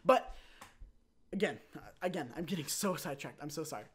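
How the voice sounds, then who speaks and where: A young man hosting his own channel, telling a rambling personal story in a casual, animated way and acting out quotes. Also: a little high. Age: young adult. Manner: animated, rambling, with quick restarts and acted-out quotes. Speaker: channel host.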